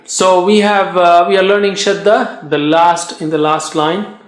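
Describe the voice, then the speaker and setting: Slow, high-voiced man teaching in an echoey room. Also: steady tone. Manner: slow, patient, repeats drill syllables with emphasis. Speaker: Quran recitation teacher. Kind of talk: classroom tajweed lesson.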